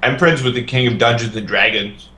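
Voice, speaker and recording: A man's voice: mid-range voice, fairly quick, pushed and bright. A man playing in a tabletop game, teasing the others with dry banter. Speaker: player. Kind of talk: casual chat at a game table.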